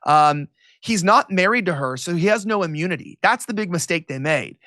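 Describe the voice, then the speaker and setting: Sharp, sarcastic high-voiced male commentator. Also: lively intonation, no echo, clean studio sound. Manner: rapid, sarcastic, mocking. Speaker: political commentator, interview guest. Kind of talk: animated interview talk.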